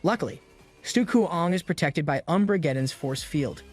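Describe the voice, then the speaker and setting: A man's voice: on the high side, animated, normal speed, soft background music. A man narrating a comic recap in a scripted style, breaking in with wry, slangy asides. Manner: wry, slangy commentary between plot beats.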